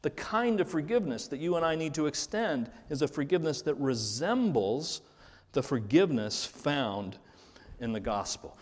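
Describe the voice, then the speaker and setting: A pastor preaching a sermon, earnest, rising to stress key words and then dropping low. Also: male voice, lively intonation, moderate pace. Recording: reverberant hall.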